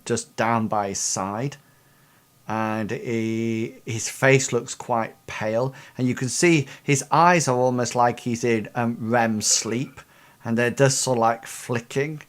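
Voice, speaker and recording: Hesitant game master. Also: male voice, mid-range voice. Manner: hesitant, many fillers and restarts. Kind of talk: narrating a tabletop game.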